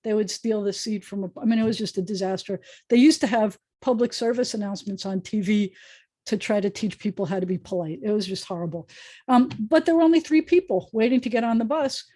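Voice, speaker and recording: American woman, rabbi, online lesson, mellow, dry close sound, chatty, rambling. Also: mid-range voice, a little fast, no echo. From United States. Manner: chatty, storytelling, self-correcting. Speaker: rabbi teaching Hebrew. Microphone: video call.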